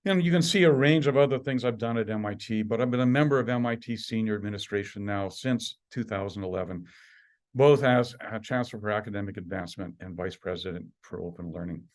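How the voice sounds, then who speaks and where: A man in his sixties from Canada, a university administrator giving an alumni talk with wry humor and lively emphasis. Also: fairly low pitch, fast. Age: 60s. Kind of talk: prepared talk.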